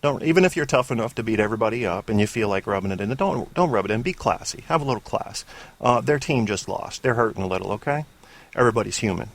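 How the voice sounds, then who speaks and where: A man's voice: lowish voice, lively intonation, quick pace, vocal fry. A man hosting a casual call-in sports talk show, opinionated and rambling off on tangents, with frequent swearing. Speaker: sports podcast host.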